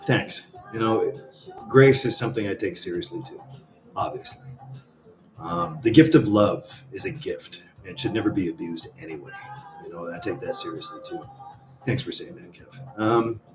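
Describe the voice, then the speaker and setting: A man's voice: deep voice, moderate pace, poor audio. A man hosting a live stream, rambling and sighing as he talks to viewers and reads their comments aloud. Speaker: livestream host. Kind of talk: rambling casual livestream chat. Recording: music playing behind.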